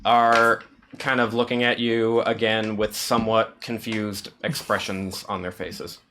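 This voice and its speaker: A man's voice: lowish voice, flat delivery, unhurried, pushed and bright, a little hiss or hum. A man running a tabletop game as game master, narrating casually with many fillers and restarts.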